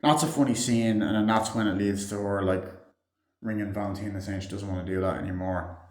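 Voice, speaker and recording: A man with a fairly low voice recaps a film in a loose, rambling way, swearing often and leaning on fillers like "like" and "you know." The sound bounces around an echoey room. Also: steady tone, brisk, darkish tone. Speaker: movie reviewer. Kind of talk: casual spoken film review.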